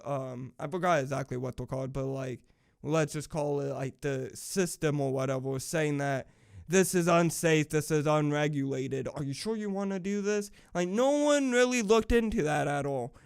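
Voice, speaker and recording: Young man, fairly high gravelly voice, casual profane rant, rambling. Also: a little mellow. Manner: profane, rambling, filler-heavy. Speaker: vlogger.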